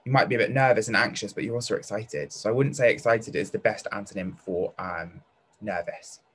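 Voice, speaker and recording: A young British man teaches a live online lesson to kids, chatting cheerfully with lots of fillers. Upbeat and encouraging, he praises pupils by name and reads their answers aloud. His voice is husky, fairly low, and brisk.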